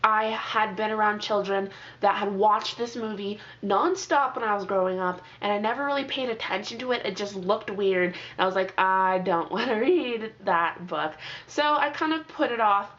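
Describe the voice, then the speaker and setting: A woman's voice: mid-range voice, normal speed. A young woman chatting through a review of the books she has read lately, acting out her reactions and leaning on "like" a lot. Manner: chatty, animated, lots of "like" and quoted reactions. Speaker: book reviewer. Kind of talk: casual book review monologue. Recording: slightly dull lo-fi audio.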